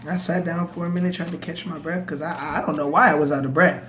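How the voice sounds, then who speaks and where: A man's voice: on the high side, fairly even intonation, quick pace, fairly bright tone, slight background noise. A young man casually telling a personal story in slang, with stammered restarts. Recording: echoey room, faint ambience.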